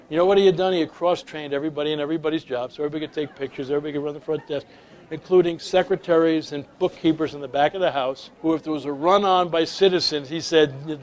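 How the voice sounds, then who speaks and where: Man, middle-aged, slightly high voice, lively storytelling lecturer. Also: quick pace. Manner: animated anecdotes, swings from loud to hushed. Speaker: speaker on leadership.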